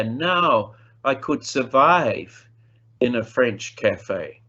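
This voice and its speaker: A man giving a conference lecture on language teaching, emphatic and playful, with sudden swings in pitch and pace. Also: fairly bright tone, lo-fi sound. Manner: playful asides. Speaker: plenary speaker on language teaching.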